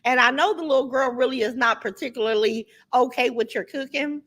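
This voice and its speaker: A woman's voice: high voice, a little fast, a bit bright. A middle-aged woman hosting a casual livestream, talking bluntly and reading out viewer comments as she goes. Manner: blunt, chatty, reads viewer comments aloud. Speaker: livestream host.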